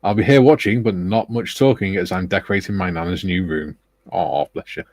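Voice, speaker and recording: A man with a lowish voice hosts a live panel, reading out the chat and greeting viewers one by one with a jokey chuckle. The sound is close and dry. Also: brisk, darkish tone, no room sound. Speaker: host. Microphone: video call.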